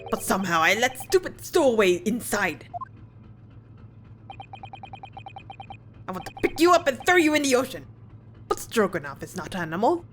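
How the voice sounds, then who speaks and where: A woman's voice: fairly high pitch, very animated, a little fast, fairly bright tone, faint music behind. A woman voicing a curt, hostile male ship guard in a put-on Russian accent and broken English, reading game dialogue aloud. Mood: boastful.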